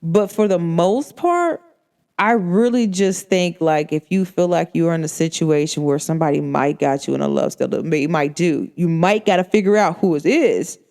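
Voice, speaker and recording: A woman's voice: fairly low pitch, moderate pace, gravelly. A woman hosting a podcast, talking casually and acting out the people in her stories. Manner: animated storytelling, acts out quoted people. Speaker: podcast host. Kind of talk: casual monologue.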